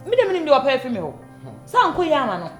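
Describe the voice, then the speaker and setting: A woman's voice: sits high, huge pitch swings, rapid-fire. A woman, scolding and complaining in a comic drama. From Ghana. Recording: echoey room with music.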